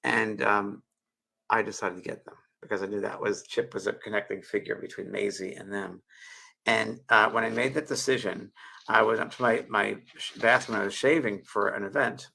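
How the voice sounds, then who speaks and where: A man's voice: on the low side, steady tone, moderate pace, gravelly, pushed and bright, husky. A man in his sixties, hosting a show and telling a heartfelt personal story in a rambling, emotional way with many restarts, speaking into a webcam. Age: 60s. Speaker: show host.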